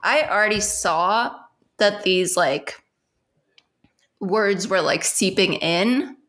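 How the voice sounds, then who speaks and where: A woman's voice: mid-range voice, takes it slowly, fairly bright tone. Rambling young woman, swearing casually. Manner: rambling, heavy filler "like", frequent swearing and laughs. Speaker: podcast co-host. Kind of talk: casual chat.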